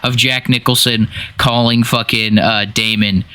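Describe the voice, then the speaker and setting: Animated swearing podcast guy. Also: mid-range voice, unhurried, clean tone. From Washington State. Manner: animated, swears freely, acts out scenes. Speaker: podcast co-host. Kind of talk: casual podcast chat.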